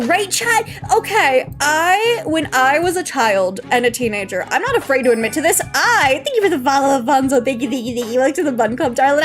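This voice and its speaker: A woman streamer chats casually with her audience in a high, light voice. She giggles a lot and sounds emotional, as if she might cry at any moment. Soft music plays quietly underneath. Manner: giggly and emotional, keeps saying she'll cry. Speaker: VTuber streamer. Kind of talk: casual live-stream chat. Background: faint background music.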